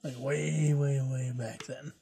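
A podcast co-host who chimes in with brief, quiet replies. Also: medium pitch, steady tone, takes it slowly, gravelly, slight background noise. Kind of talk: casual chat.

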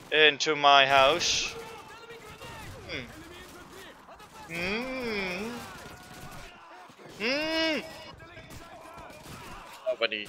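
Slow, lively, very bright-voiced swearing gamer man. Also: on the high side, slight background noise. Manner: frustrated, constant swearing. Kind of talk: let's play commentary.

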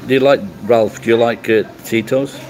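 A man's voice: medium pitch, steady tone, moderate pace, darkish tone, low-quality recording. A middle-aged man from England chatting casually on a livestream, rambling and swearing bluntly as he answers comments. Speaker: livestream host.

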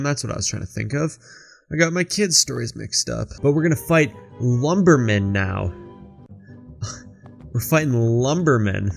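A young man doing let's play commentary, jokey and rambling, yelling at the enemies on screen. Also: medium pitch, gravelly. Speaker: gaming YouTuber.

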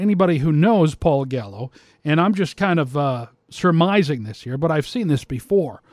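A man with a fairly high voice holds forth in a casual rant, mocking his target and rambling through false starts. The sound is dry and close, with no room echo. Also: darkish tone. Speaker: commentator.

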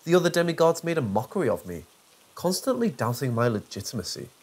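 A man's voice: medium pitch, big pitch swings, fast, slightly rough. A man doing the Sawbone, a nasal, pompous villain. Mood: smug. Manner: pompous, self-satisfied monologuing. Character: smug nerdy man, a pompous mad-doctor villain.

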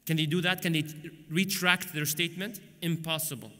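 Lively male preacher with a bright, forceful voice who acts out stories with humor, recorded in a large conference hall. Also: fairly high pitch, brisk. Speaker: Islamic preacher. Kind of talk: conference lecture. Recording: long hall reverb.

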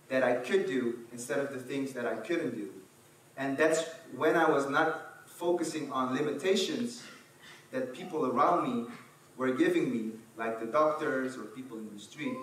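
A man tells a personal story from a stage, animated and acting out each scene. His voice sits at an ordinary middle pitch. It carries through a big echoing hall from a distance, with a faint hum of the room underneath. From Netherlands. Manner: animated, acts out scenes, fillers and restarts. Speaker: speaker. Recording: echoey hall from far off, faint ambience.

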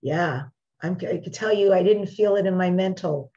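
A woman's voice: fairly low pitch, warm tone. Woman host with muffled lo-fi sound. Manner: searching, halting questions with restarts. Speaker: podcast host. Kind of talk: casual interview chat. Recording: dull, lo-fi remote audio.

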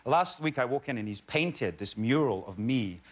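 A man in his thirties, a talk show guest, telling relaxed, self-deprecating anecdotes. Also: medium pitch, normal speed. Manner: relaxed, self-deprecating storyteller, laughs often. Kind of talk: chatty anecdote. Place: TV studio with audience.

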